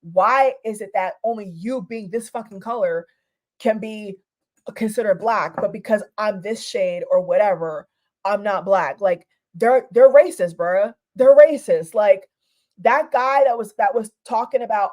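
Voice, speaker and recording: A woman's voice: mid-range voice, unhurried, darkish tone. A woman from Europe giving a heated, casual reaction rant, repeating herself and restarting her sentences, with some swearing. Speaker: vlogger.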